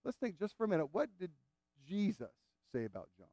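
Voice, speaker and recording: A man's voice: high voice, wildly swooping pitch, fairly quick, warm tone, no echo, clean studio sound. A man preaching a sermon in an earnest, emphatic way, repeating phrases to drive points home.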